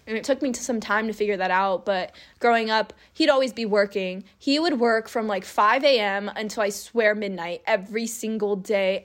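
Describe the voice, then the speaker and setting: A woman's voice: on the high side, a bit bright. A young woman around twenty telling a candid, emotional personal story and laughing now and then as she talks. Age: young adult. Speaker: vlogger.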